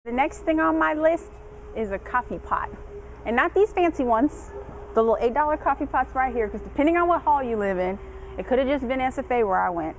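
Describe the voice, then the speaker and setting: A woman's voice: on the high side, low-quality recording. Chatty woman giving dorm tips. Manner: chatty, laughs often, colloquial. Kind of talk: casual advice vlog.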